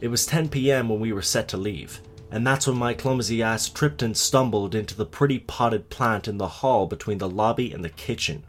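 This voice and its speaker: Low, husky man narrating a horror story. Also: normal speed, few pauses.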